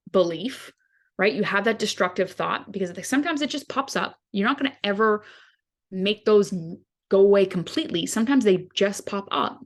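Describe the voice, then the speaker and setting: Woman casually teaching mindset habits. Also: mid-range voice. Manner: conversational, explains with everyday examples. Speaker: podcast host, dietitian.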